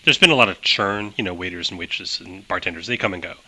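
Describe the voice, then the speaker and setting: A man's voice: deep voice, quick pace, bright, forceful tone, rough recording. A man narrating as game master of a tabletop game, chatty, laughing often and using many fillers.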